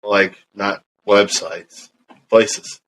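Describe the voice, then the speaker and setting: Deep-voiced laid-back man. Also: fairly even intonation, extremely slow, fairly bright tone, low-quality recording. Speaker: podcast co-host. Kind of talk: casual chat.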